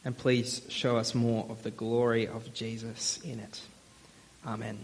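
Brief: young adult male preacher, relaxed conversational sermon delivery, mid pitch, lots of "uh" fillers. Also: a little slow, background noise. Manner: friendly, conversational, with frequent uh fillers.

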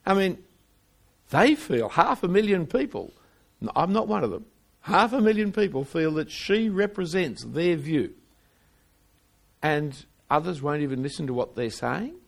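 An older man preaching a sermon, emphatic, asking rhetorical questions and swinging widely in pitch and loudness. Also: animated, a little slow, vocal fry.

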